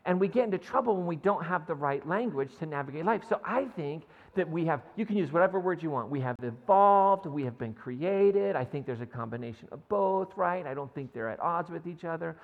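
A man's voice: on the high side, lively intonation, fairly quick, gravelly, few pauses, long reverb tail, phone-quality sound. A man preaching a sermon in a conversational way, often checking in with his listeners and reading scripture aloud. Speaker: pastor. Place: church sanctuary.

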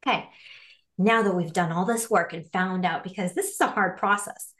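A woman guest coach in an animated podcast interview, laughing often and acting out little quoted voices. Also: lowish voice, moderate pace. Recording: roomy echo.

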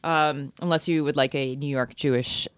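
A woman's voice: sits low, fairly even intonation, moderate pace, no echo, clean studio sound. A woman co-hosting a casual chat, playful and laughing often as she quizzes her partner. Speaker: podcast co-host.

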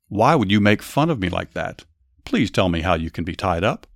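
A man voicing a pleading, accusing young woman in a spoken Bible story, raising his voice high and insistent. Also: sing-song, normal speed, no echo, studio quality. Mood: reproachful.

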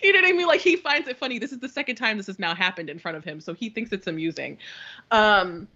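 A woman's voice: medium pitch, fast talker, lo-fi sound. A woman in her thirties co-hosting a podcast, telling a story in casual chat, acting out what others said, swearing and laughing often. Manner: animated storyteller, acts out quotes, swears freely, laughs often. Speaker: podcast co-host.

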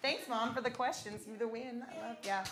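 A woman co-hosting a live music show, chatting playfully and laughing easily between quick quips. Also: fairly high pitch, fairly even intonation, crowd noise. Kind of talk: casual on-air chat.

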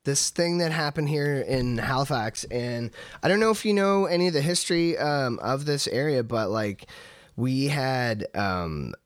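Man, podcast host, relaxed chatty talker, lively pitch, dry close sound. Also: measured pace, clean tone, no echo. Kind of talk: casual chat. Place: Halifax.

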